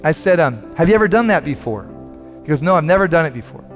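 A male pastor delivering a sermon, earnest and often stumbling over repeated words as he gathers momentum. His voice is fairly high for a man. It rings out with long hall reverb, and faint music plays underneath. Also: very animated, fast. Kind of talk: sermon storytelling.

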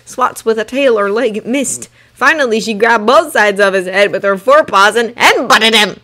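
A woman reading a fanfiction story aloud in steady storytelling narration. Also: a little high, normal speed, hardly any pauses. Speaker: fanfiction reader. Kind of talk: audiobook narration.

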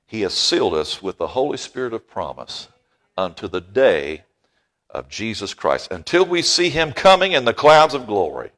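A middle-aged man preaching a sermon in a church, folksy and joking with the congregation, rising to loud emphasis on key phrases. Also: lowish voice, very animated, moderate pace. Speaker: pastor. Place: church sanctuary.

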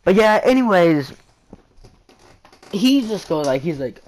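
A man's voice: a little high, animated, normal speed, pauses often, darkish tone. A male gaming vlogger telling a rambling story in casual chat, full of fillers and the word "freaking". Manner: chatty, repeats "freaking" and fillers.

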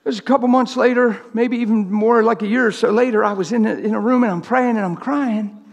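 A man preaching a sermon in a church, impassioned, swinging from loud urgent stretches to hushed, quiet ones. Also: high-pitched, brisk, vocal fry, dull audio. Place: church sanctuary.

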